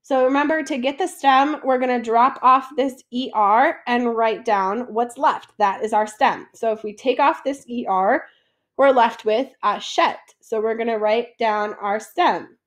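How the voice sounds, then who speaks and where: A woman's voice: fairly high pitch, a little slow. A woman teaching a French lesson, patiently asking questions and then answering them herself. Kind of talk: classroom lesson explanation.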